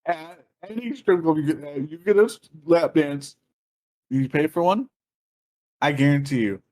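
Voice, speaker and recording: A man co-hosting a podcast, telling a story in casual chat, animated and profane, laughing and acting out other people's voices. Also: on the high side, normal speed. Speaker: podcast co-host.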